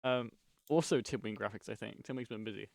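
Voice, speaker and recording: A man co-hosting a casual esports stream, relaxed and a bit hesitant. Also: on the low side, fairly quick, creaky, dry recording. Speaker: co-host.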